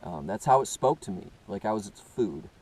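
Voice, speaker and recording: A man earnestly telling a first-person story, halting and often restarting as he searches for words. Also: fairly low pitch, expressive, warm tone, husky, low-quality recording. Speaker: personal testimony speaker.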